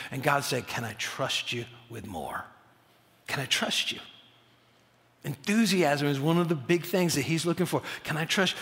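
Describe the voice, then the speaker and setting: High-voiced energetic male preacher. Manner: energetic, stammering restarts, animated. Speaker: pastor. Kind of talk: sermon. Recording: long hall reverb.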